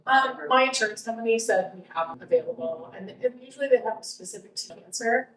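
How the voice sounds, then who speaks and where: A woman's voice: a little high, lively intonation, brisk, fairly bright tone. A woman guest telling her own story in a casual interview, rambling with frequent restarts. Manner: rambling, with many restarts and fillers. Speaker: guest, cancer survivor. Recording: roomy, distant mic.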